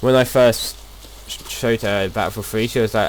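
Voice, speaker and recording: Low-voiced young man chatting over gameplay. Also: steady tone, quick pace, hardly any pauses, a little hiss or hum. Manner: rambling, chatty, with frequent restarts. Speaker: gaming video host. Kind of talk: casual gameplay commentary.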